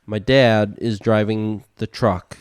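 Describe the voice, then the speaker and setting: A young man co-hosting a casual podcast, jumping between topics and telling stories deadpan, with frequent laughs. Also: fairly low pitch, slow, clear, resonant tone, no echo. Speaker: podcast co-host. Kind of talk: casual chat.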